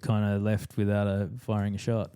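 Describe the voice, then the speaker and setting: A man tells stories with gusto on a podcast, swearing and acting out the other voices. His tone is mellow and dark, with a relaxed, warm sound. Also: on the low side, normal speed, clear, resonant tone. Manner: lively, swears, acts out dialogue. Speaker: surf commentator, guest. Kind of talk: animated storytelling on a podcast. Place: podcast studio.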